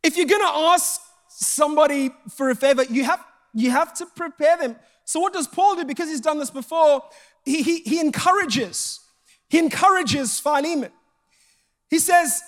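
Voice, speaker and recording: A man's voice: extremely high pitch, moderate pace. A man preaching a sermon, telling jokey stories and acting out the dialogue in them. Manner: animated storytelling, acting out quoted dialogue; jokey and self-mocking.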